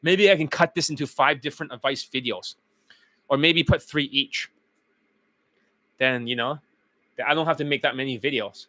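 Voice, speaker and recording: A dating coach streaming live, lecturing bluntly and with heavy profanity, his voice getting hoarse. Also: medium pitch, normal speed, pauses often, bright, forceful tone, dry recording. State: losing his voice. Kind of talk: livestream rant.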